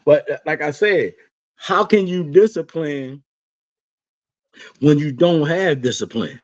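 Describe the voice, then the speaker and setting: Podcast co-host, man, fairly high voice, lively, swears freely, lo-fi sound. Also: slow. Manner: animated storytelling, swearing, laughing often. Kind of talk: casual chat. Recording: dull lo-fi sound.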